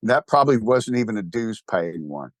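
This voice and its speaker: Older man, Texan accent, rambling, wry, animated, dry close sound. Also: lowish voice, normal speed, no room sound. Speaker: interview guest, church founder. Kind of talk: casual conversational interview.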